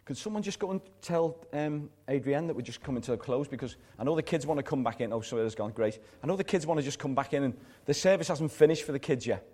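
A pastor giving a live sermon in a church service, earnest and repetitive, letting his phrases fall soft at the ends. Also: fairly high pitch, expressive, fast, few pauses.

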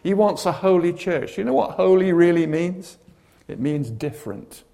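A man with a high-sitting voice and vocal fry preaches at a normal speed. His sermon is animated storytelling, told with dramatic flair and sprinkled with humorous asides.

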